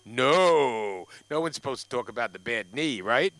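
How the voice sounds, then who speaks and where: Animated older man telling stand-up stories. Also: medium pitch, unhurried, dry recording. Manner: rambling storytelling with restarts and asides to the crowd. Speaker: stand-up comic. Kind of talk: open mic stand-up. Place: comedy club stage.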